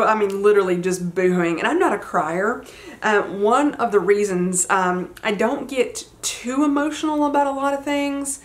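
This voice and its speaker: A woman's voice: mid-range voice, normal speed. Chatty Southern woman telling a story. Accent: Southern American. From United States. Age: 40s. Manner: chatty, many fillers, retells quotes animatedly. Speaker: vlogger. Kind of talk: casual storytelling chat.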